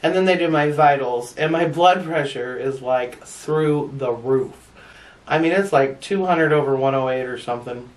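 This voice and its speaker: A woman's voice: a bass voice, normal speed, recorded from a distance. A woman vlogger telling a personal story in a frank, chatty way, laughing often and swearing bluntly. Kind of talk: casual storytelling to camera.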